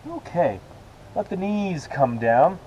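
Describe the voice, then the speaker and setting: A man teaching a beginner yoga class, calling out poses and breaths in relaxed, encouraging cues with casual asides. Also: on the high side, takes it slowly, highs cut off, noisy background. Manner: relaxed, encouraging cueing with self-aware asides. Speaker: yoga instructor. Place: outdoors with rain and hummingbirds about.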